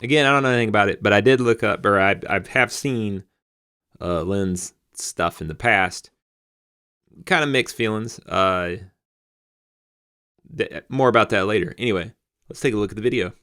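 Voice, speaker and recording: A man's voice: on the low side, moderate pace, long pauses, pushed and bright, clean tone. A man with a Southern American accent, hosting a reaction video in a laid-back, hesitant, casual way. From Southern United States.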